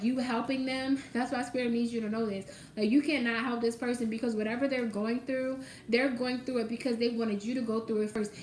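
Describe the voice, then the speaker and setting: A woman's voice: on the high side, darkish tone, echoey room, slight background noise, rough recording. A woman doing a casual tarot reading, talking straight to the viewer with emphasis and casual swearing. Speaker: tarot reader.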